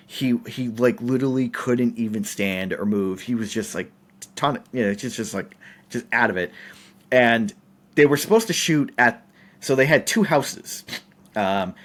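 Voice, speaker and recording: A man from the United States, a podcast guest telling set stories in casual chat, laughing often. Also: mid-range voice. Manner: animated, laughs often, acts out quotes.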